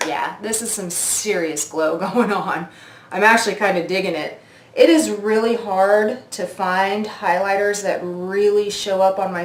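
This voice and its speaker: A woman's voice: medium pitch, reverberant. A woman in her forties doing a makeup review vlog, gushing and oohing as she tries products at her mirror. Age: 40s. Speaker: beauty vlogger.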